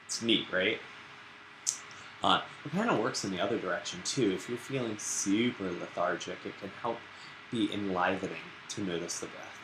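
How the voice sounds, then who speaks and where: A man teaching a live-streamed yoga class in a relaxed, chatty and playful way. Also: deep voice, moderate pace. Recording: roomy echo with background noise.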